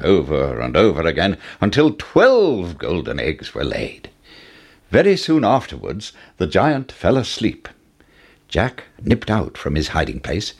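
A man reading a children's story aloud, expressive and rising with the action. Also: a bass voice, creaky, slightly rough. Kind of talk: storybook read-aloud narration.

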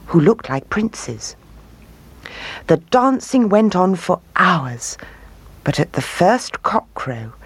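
Storyteller: woman, low husky voice, lively lilting fairy-tale reading, dry close sound. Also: dry recording. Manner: expressive, lilting storybook delivery.

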